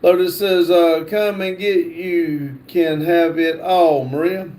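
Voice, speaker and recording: A man hosting a livestream, reading chat comments aloud in a halting way with fillers and restarts. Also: fairly high pitch, steady tone, mellow. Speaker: livestream host.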